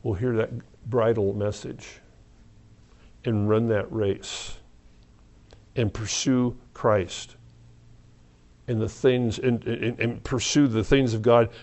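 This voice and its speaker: A middle-aged man preaching an evening Bible study, talking in a halting, conversational way with restarts and soft laughs. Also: on the low side, steady tone. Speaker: pastor.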